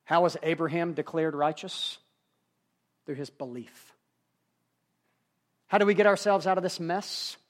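A male pastor preaching a sermon, swinging between hushed, quiet moments and emphatic, rising passages. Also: fairly high pitch, unhurried, pauses often.

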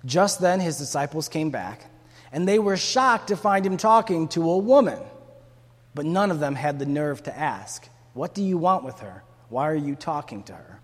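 A man's voice: fairly high pitch, animated, moderate pace. A man preaching a sermon in a casual, conversational way, acting out the people in the story with bursts of energy. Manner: conversational preaching, acts out quotes with rising energy. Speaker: pastor. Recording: long hall reverb.

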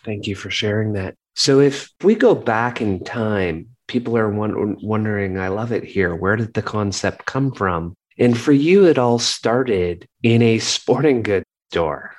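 Podcast host guy, lowish voice, quick and affirming. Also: animated. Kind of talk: interview questions.

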